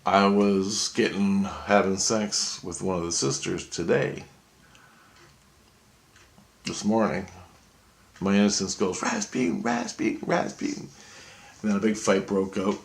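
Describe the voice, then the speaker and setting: A man in a rambling, profane monologue, telling his story excitedly. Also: deep voice, unhurried, pauses often.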